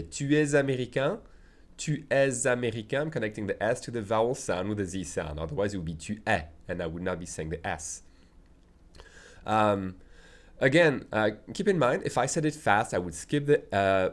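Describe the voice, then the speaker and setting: Patient man teaching a language lesson. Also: lowish voice. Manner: patient, methodical, often checking in with "okay?". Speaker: French teacher.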